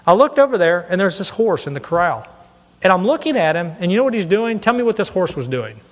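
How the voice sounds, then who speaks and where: A middle-aged man preaching a sermon, telling a personal story in an earnest, animated way. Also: sits high, fast. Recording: long hall reverb.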